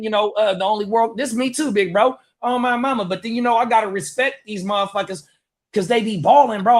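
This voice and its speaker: A man hosting a sports watch party in casual, profane, hyped-up chat. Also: very high voice. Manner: hyped, slangy, swears a lot.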